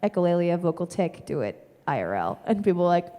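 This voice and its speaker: A Canadian woman comedian answering audience questions in a cartoonish transatlantic accent, breathy and low in the mouth, from the chest, explaining with lots of filler words. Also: fairly quick. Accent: cartoonish transatlantic stage accent. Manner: animated explaining, many filler "like"s. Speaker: comedian in character. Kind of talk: stage Q&A with audience. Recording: reverberant theater hall.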